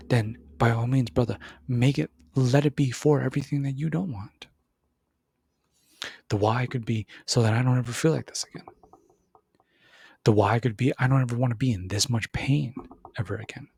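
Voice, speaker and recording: A man hosting a podcast, giving an animated motivational monologue, repeating words and acting out other voices. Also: normal speed, gravelly, breathy edge, no echo. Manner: animated, repeats words, acts out voices with big pitch jumps. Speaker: podcast host.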